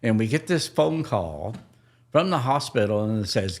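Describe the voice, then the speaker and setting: A man hosting a podcast, telling a personal family story in a slow, halting, tender way. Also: medium pitch, lively intonation. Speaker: podcast host.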